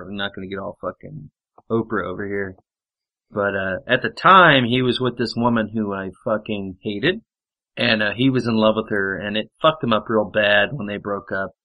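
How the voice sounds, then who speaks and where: A man's voice: fairly low pitch, muffled recording. A man telling rambling, profane anecdotes in casual chat, with lots of fillers and swearing. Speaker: podcast storyteller.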